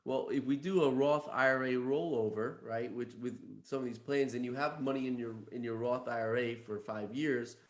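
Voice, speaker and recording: A man's voice: medium pitch, fairly even intonation, normal speed, few pauses, roomy sound. A man hosting a podcast interview as an accountant, adding his own points in a conversational way with fillers. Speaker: host, accountant.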